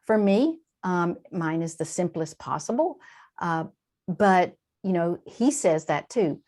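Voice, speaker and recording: A woman guest in an interview, explaining in a lively conversational way, with quick asides and frequent shifts in emphasis. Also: on the low side. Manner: animated, warm-hearted explaining with quick asides and laughs. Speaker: translator and guest.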